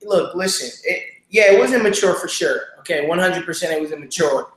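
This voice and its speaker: Współprowadzący, mężczyzna, daje rady o związku z naciskiem i często powtarza "right?". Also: male voice, sits high, fairly quick, a bit bright. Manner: emphatic, repeats "here's the deal" and "right?". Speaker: co-host. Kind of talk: casual advice talk. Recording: very echoey room.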